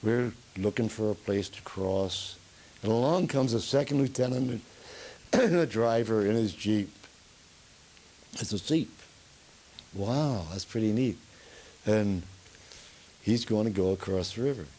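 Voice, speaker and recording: In an oral history interview, a veteran, an older man with a Pennsylvania Dutch accent, tells rambling stories and chuckles along the way. He speaks on the low side, a little slowly and mellow, pausing often, over a rough recording with some hiss or hum.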